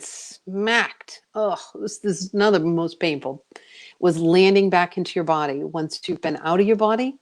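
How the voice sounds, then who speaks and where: During a radio interview, a middle-aged psychic medium from the United States, her voice on the low side, relates a long story. She talks in a lively, chatty way full of fillers, acting out what she herself said back then.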